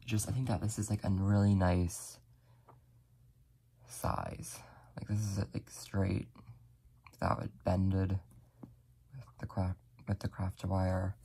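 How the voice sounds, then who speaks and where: Soft, gravelly, low-voiced tutorial host. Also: flat delivery, takes it slowly, pauses often. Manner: soft-spoken, apologetic, talks while working with frequent "like" fillers. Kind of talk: casual step-by-step tutorial narration.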